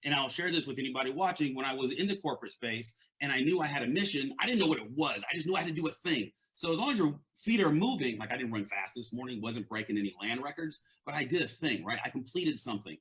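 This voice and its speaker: A man's voice: medium pitch, expressive, quick pace, hardly any pauses, a bit bright. A man with a stutter giving an earnest, conversational motivational talk as a leadership and mindset coach, often repeating words.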